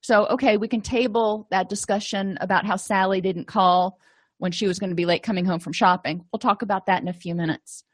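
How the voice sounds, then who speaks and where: A woman's voice: mid-range voice, fairly even intonation, fairly quick. A woman teaching therapy skills to clinicians in a conversational way, often acting out short sample dialogues. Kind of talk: lecture to clinicians.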